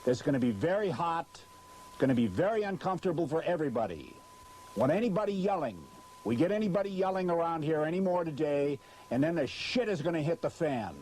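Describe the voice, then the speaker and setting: A man on a hot film set who keeps blowing his lines and curses constantly in exasperation. His voice sits a touch high and swings widely up and down. A heavy hiss runs under the old recording. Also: sing-song, a little fast, a little mellow. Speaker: on-camera presenter of an industrial film. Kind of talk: blown takes and outtakes on a film shoot. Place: hot studio set beside a car under bright lights.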